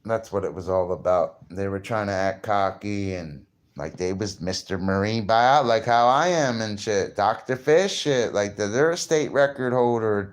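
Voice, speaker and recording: A man's voice: lowish voice, smooth. A tipsy man rambling in a profane, boastful way and laughing at himself as he mixes fish science with street slang. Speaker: fishing vlogger. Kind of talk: casual rambling monologue.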